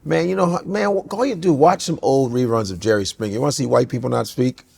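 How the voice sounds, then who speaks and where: A middle-aged man co-hosting a podcast, talking in an animated, ranting way with incredulous outbursts. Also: mid-range voice, fairly quick, vocal fry, slightly rough. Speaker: podcast co-host. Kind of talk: casual comedic chat.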